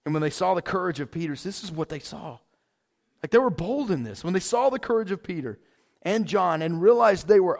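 Gravelly, high-voiced preaching man. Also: moderate pace. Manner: excited, preaching with big swells in pitch and volume. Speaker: pastor. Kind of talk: sermon.

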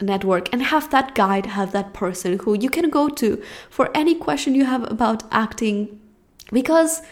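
Woman, young adult, foreign accent, podcast host, earnest, encouraging, mid-pitched. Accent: non-American. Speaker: podcast host and acting coach. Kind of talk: solo podcast monologue. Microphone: podcast mic.

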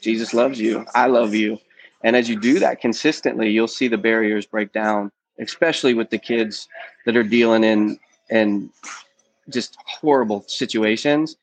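A man's voice: lowish voice, moderate pace, no echo, poor audio. A man in his forties, a youth ministry guest, candidly sharing his personal testimony in a podcast interview. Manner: earnest, candid, peppered with "um" and "man".

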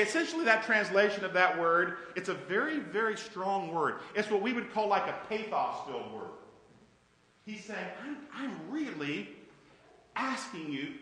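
A man's voice: sits high, pushed and bright, echoey room, big-room sound, rough recording. A male pastor preaching a conversational sermon, often asking his congregation questions. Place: church sanctuary.

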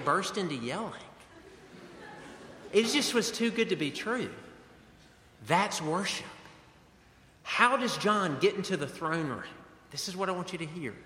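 A man's voice: high voice, pushed and bright. A man preaching a sermon as pastor, earnest and conversational, in a church sanctuary. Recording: echoey hall with long reverb.

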